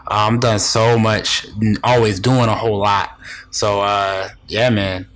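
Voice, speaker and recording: Earnest young man, low voice, faint hiss. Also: little pitch movement, unhurried, fairly bright tone. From Rochester, New York. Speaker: guest. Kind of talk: casual chat.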